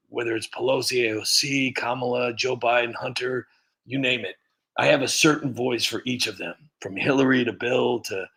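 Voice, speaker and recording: A man's voice: mid-range voice, gravelly, a bit bright, breathy edge. A man hosting a casual livestream, rambling and chuckling often while thanking viewers, talking close to a computer mic. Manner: rambling, chuckling, self-mocking. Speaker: livestream host and impressionist.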